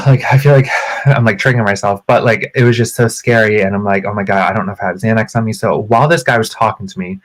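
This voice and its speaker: A man with a lowish voice chats on a casual podcast, telling a personal story with plenty of drama. He slips into quick acted-out quotes and gets loud and expressive as he goes. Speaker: podcast co-host.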